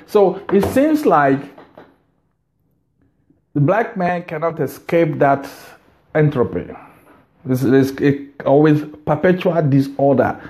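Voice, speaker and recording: A man's voice: fairly high pitch, mellow. A middle-aged man with a Nigerian accent, talking to his viewers at home in a rambling, emphatic way, often repeating his words. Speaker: vlogger. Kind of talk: casual monologue to camera. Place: his house.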